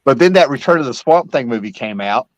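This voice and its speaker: A man's voice: medium pitch, lively intonation, fast talker, no room sound, lo-fi sound. Rambling middle-aged man, dry sound. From Kentucky-Virginia area. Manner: rambling, nostalgic, trails off mid-sentence. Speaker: host. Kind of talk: casual chat.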